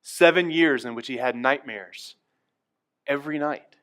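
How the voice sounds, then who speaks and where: Guy preaching a sermon, middle pitch, goes real quiet then gets loud and fired up. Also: a little slow. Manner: swings from quiet and hushed to loud and emphatic. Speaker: pastor. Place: church.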